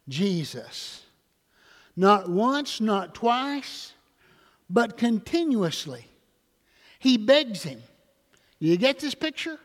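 Older preacher with dramatic sweep. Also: male voice, high voice, long reverb tail. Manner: dramatic preaching, swinging from loud to soft. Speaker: pastor. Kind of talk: sermon. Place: church sanctuary.

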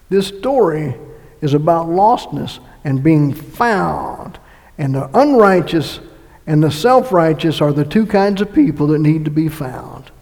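A man preaching a sermon as pastor of his church, swinging between loud emphatic swells and quiet hushed passages. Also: fairly high pitch, creaky. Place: church sanctuary. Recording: long church reverb.

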